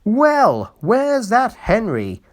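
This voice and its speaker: A reader voicing an eager, anxious young male engine who talks in a frantic, hurried way. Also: mid-range voice, voice pushed up, close to an everyday voice. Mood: relieved.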